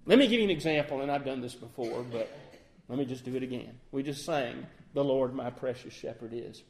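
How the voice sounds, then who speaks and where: Brisk and mid-range in pitch, this middle-aged man preaches earnestly as a lay preacher. He keeps asking his audience questions and demonstrating sample ways of phrasing things.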